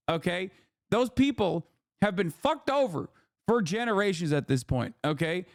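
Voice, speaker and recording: A man runs a live stream of political commentary, and his voice sits a little higher than most men's. He swears freely and repeats himself often, with a lot of "okay?" thrown in. The close mic catches him dry, with no echo. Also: lively intonation, moderate pace, gravelly. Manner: profane, ranting, emphatic.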